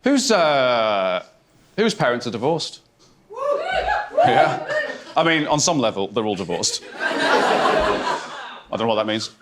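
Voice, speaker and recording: Awkward comic with lively, swinging pitch. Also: male voice, slow pace, pauses often, very noisy. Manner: awkward, hesitant, mock-intimate delivery with sudden shouts. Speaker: stand-up comedian. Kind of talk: stand-up comedy. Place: theatre stage before a laughing audience. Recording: loud crowd laughter in a theatre. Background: audience laughter.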